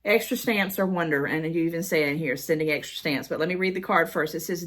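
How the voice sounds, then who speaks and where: This middle-aged American woman, a haul vlogger, has a low, somewhat bright voice and a brisk delivery. She chats casually while reading fan mail out loud, getting emotional and gushy and often saying things twice.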